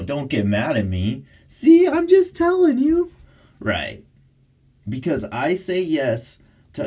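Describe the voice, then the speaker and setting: A man, the host of a podcast, chatting in baby talk to his pet dog in a studio, his voice swooping up into high squeals. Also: mellow, husky. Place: recording studio.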